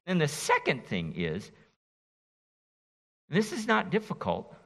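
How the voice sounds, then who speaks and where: Slow-paced and gravelly, with a somewhat high pitch, a middle-aged pastor preaches expository material in a bright, forceful, animated style. He teases his congregation in a folksy way, and the church hall lends a long echo.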